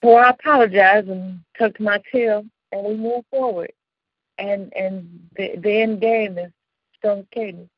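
A woman radio host from the Chicago suburbs tells her own stories in a loose, animated, slang-filled way and laughs easily. Her voice sits at an ordinary middle pitch for a woman. The sound is dry and close, a little dull in the top end. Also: a little slow, no room sound. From Chicago suburbs, United States. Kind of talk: casual storytelling chat.

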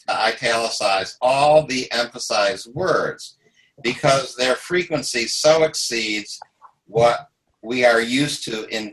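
A man's voice: mid-range voice, fairly bright tone, rough recording. A man leading a group discussion who reads passages aloud carefully.

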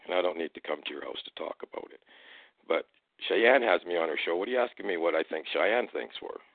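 A man telling a personal story as a guest and then arguing back at a caller, deliberate and confrontational. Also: sits low, expressive, creaky, no room sound. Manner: deliberate, confrontational when challenged. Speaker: guest speaker. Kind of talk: casual storytelling and argument. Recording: tinny phone-line audio.

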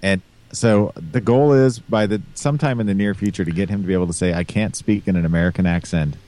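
Low-voiced man, teasing co-host. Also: fast, dark tone. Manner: teasing, steering the talk. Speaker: podcast co-host. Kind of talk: casual chat.

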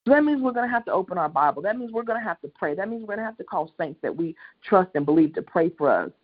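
Husky-voiced preacher, impassioned and repetitive, heard over a muffled phone line. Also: mid-range voice, lively intonation, fast. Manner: impassioned, repetitive, swells to loud peaks. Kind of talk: sermon on a prayer line.

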